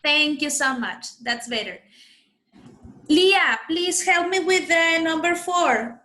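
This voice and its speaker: A woman with a high, bright voice leads an online class for children. She is patient and coaches each pupil's pronunciation. She speaks over a computer microphone on a video call. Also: slow pace. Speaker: English teacher.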